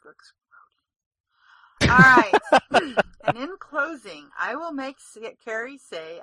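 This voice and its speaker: Chatty giggly woman on a gaming podcast, bright voice, dry close sound. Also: high voice, sing-song, slow pace, long pauses, no echo. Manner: giggly, chatty, trails off and restarts. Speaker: podcast co-host. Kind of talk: casual chat.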